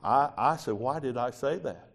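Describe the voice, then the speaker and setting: A preacher, telling a sermon testimony in a folksy storytelling way with quoted dialogue. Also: male voice, mid-range voice, lively intonation, moderate pace, gravelly.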